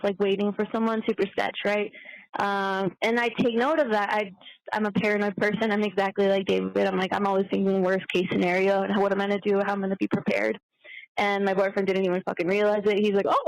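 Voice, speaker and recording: Young woman rambling a story on a voicemail, kinda high, swears a lot, dry sound. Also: dry recording, poor audio. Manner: chatty, swearing, animated storytelling. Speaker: caller.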